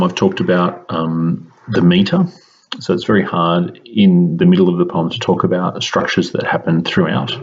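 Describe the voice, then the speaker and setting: A deep-voiced man with a husky edge teaches a recorded lesson. He explains in a measured way and pauses often with ums. The recording sounds dull and lo-fi.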